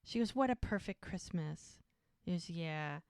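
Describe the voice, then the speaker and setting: A woman's voice: fairly low pitch, lively intonation, unhurried, gravelly, darkish tone, dry recording. Woman recapping a show in a dry close voice. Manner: retells scenes by quoting characters. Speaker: podcast co-host. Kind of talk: casual recap of a TV episode.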